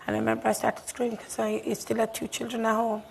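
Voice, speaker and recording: A woman with an Irish accent, recalling in an interview as a bereaved mother, halting and repeating herself, at times dropping to a whisper. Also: fairly high pitch, monotone, creaky, a little mellow, a little hiss or hum, poor audio. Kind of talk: emotional interview recollection. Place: TV studio.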